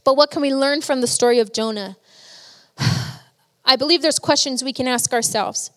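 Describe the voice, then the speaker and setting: A woman's voice: sits high, moderate pace, in a large hall. A woman preaching a sermon, telling stories earnestly and with emotion.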